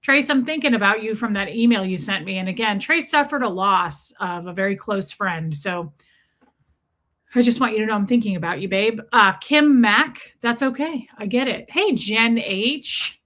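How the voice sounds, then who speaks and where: A woman's voice: medium pitch, normal speed, fairly bright tone. A woman hosting a casual livestream, chatting and greeting viewers by name in an affectionate way. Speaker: livestream host.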